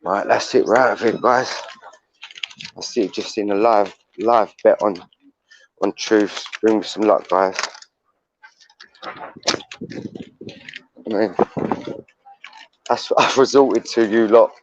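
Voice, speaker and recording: A man's voice: lowish voice, takes it slowly, pauses often, highs cut off, slight background noise. A man, chatting casually on a live stream and calling his viewers "you lot" and "mate". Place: outdoors in the wind.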